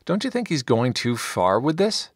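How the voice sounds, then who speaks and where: A man's voice: huge pitch swings, moderate pace, husky, no echo, clean studio sound. A man voicing an exasperated, pleading knight in an audiobook, the voice of reason among zealots. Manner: pleading, exasperated, higher-pitched.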